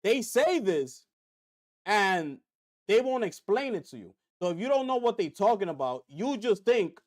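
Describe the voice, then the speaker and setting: A man runs a gaming news livestream, addressing viewers directly in a lively, relaxed manner and repeating points to stress them. He has a high voice and speaks at a measured pace.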